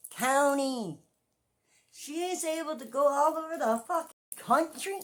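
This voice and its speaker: A woman's voice: sits high, a little slow. A middle-aged woman giving a ranting commentary vlog, swearing often and repeating her points with emphasis. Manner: profane, repetitive and emphatic. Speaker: true-crime commentary vlogger.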